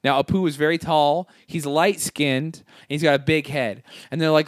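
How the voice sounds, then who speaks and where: A man's voice: on the high side, steady tone, normal speed, few pauses, dry recording, studio quality. A man on a podcast, swearing freely while he spins long rambling jokes in a casual chat. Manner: profane, rambling joke storytelling. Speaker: podcast host.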